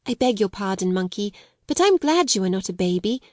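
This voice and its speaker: A woman reading an audiobook, voicing an earnest, gentle and polite young girl who speaks eagerly and tenderly. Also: mid-range voice, sing-song, a little fast, no room sound, studio quality, close to an everyday voice. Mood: musing.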